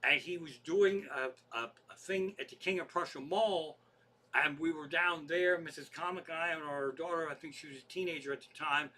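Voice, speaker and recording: A comedian telling rambling, profane anecdotes in a casual monologue. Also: male voice, fairly high pitch, normal speed, pushed and bright. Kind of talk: storytelling podcast monologue.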